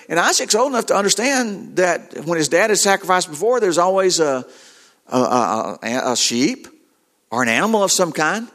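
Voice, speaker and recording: A middle-aged man preaching a sermon, telling a story in a halting, earnest way with many repeated words. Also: fairly high pitch, animated, a bit bright.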